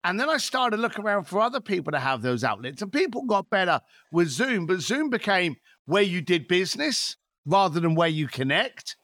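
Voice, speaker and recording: A man's voice: sits high, big pitch swings, moderate pace, hardly any pauses, sharp tone, no echo, studio quality. A man in his fifties, a podcast guest telling stories in a blunt, swearing, rant-like way. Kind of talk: podcast interview.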